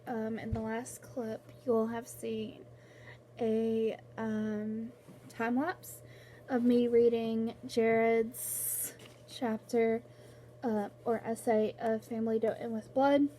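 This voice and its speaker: A woman's voice: a little high, warm tone, slight background noise. A young woman vlogging casually at home about books, rambling with lots of fillers and restarts, close to tears. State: tearful, on the verge of crying. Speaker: book vlogger. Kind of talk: casual vlog chat.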